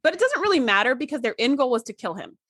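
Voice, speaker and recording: A woman's voice: high-pitched, big pitch swings, quick pace, a bit bright, husky, no echo, studio quality. A woman co-hosting a podcast in casual chat, enthusiastic and full of "like" fillers. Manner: enthusiastic, uses many "like" fillers. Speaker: podcast co-host.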